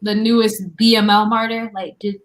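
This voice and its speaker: A woman's voice: mid-range voice, level tone, moderate pace. A woman talking frankly in a casual group discussion over a video call, swearing freely. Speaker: panelist.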